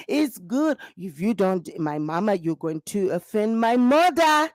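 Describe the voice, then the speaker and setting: A woman voicing a patient young husband who coaxes his wife slowly. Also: mid-range voice, sing-song, a little mellow, dry recording, clean studio sound, pitched below the performer's own voice. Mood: coaxing. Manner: slow, coaxing, pleading.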